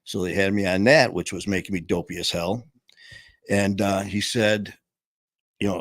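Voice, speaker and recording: A man's voice: sits low, fairly even intonation, normal speed, pauses often, fairly bright tone, no echo. A middle-aged man candidly telling his own story in plain, casual words, swearing now and then. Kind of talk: personal storytelling.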